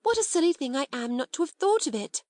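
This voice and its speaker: A woman reading an audiobook, voicing a timid, eager schoolgirl who talks in quick, gasping bursts. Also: high voice, very animated, a little mellow, no echo, clean studio sound, pitched above the performer's own voice. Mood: excited. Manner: gasping, quick, breathless chatter.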